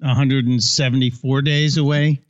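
A man's voice: medium pitch, level tone, normal speed. Man co-hosting a podcast, lo-fi sound. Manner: conversational, hesitant restarts. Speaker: podcast co-host. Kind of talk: casual political talk. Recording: dull lo-fi sound.

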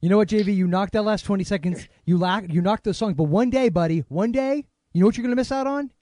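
A man's voice: sits high, fast talker, dark tone, dry recording, clean studio sound. A man hosting a film podcast in casual chat, joking around and teasing callers. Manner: playful, breaks into joking song snippets. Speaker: podcast host.

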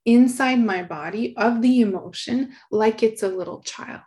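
A middle-aged woman, an author being interviewed, speaking in an earnest, soft, reflective way and laughing often. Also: a little high, moderate pace. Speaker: guest, author.

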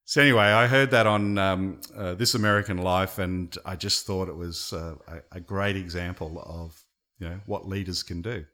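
A man co-hosting a podcast, telling a story in a conversational way that swells and dips in loudness. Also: low-pitched, steady tone, moderate pace. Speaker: podcast co-host.

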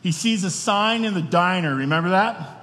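Speaking at a normal speed, this male pastor has a high-pitched, slightly bright voice with lively intonation. He delivers his sermon in a chatty way, often putting questions to the room, and the church hall adds a long reverb.

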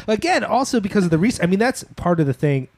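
A man's voice: sits high, sing-song, fast, darkish tone, no room sound. A man from Philadelphia hosting a podcast, chatting casually with a guest, joking and swearing lightly as he talks. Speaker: podcast host. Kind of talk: casual interview chat.

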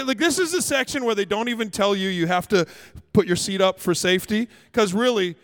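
A male pastor preaching a sermon as a lively, comic story, acting out the scenes. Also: high-pitched, fairly quick. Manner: animated, comic, acts out scenes. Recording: long hall reverb.

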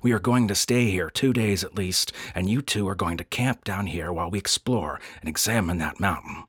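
Man doing a gruff, dismissive expedition boss, low husky voice, dry read. Pulp story figure. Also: normal speed, fairly bright tone, no room sound. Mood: scornful. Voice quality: curt, dismissive. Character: brusque, skeptical male expedition leader.

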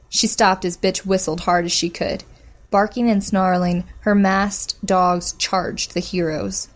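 Female audiobook narrator, mid pitch, steady measured delivery for story narration. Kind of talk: scripted narration.

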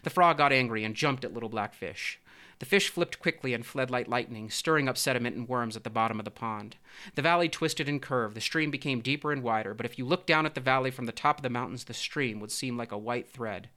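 A man narrating a storybook in a steady, measured way. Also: medium pitch. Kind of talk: storybook reading.

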